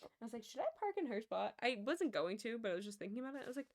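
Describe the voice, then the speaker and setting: A woman's voice: a little high, very animated, racing. A young woman streamer chatting casually, telling rambling, self-amused stories with frequent laughs.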